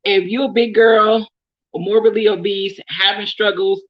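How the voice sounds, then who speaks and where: A woman's voice: medium pitch, fairly even intonation, a little slow, highs cut off. A young woman with a Bay Area accent from Oakland, chatting casually to camera as she answers follower questions, laughing often with plenty of ums. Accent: Bay Area, California. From Oakland, California.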